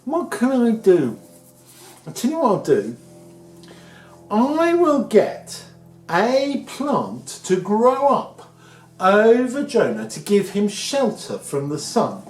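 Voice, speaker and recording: A man voicing a gentle, patient God who reasons kindly, recorded in an echoey room. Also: sits high, wildly swooping pitch, slow pace, faint music behind, full character voice.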